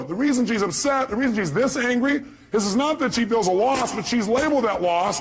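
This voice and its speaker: A man's voice: high-pitched, lively intonation, fast, few pauses, slight background noise. A man giving a motivational speech to a live audience, emphatic and firing rhetorical questions at the crowd. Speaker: motivational speaker.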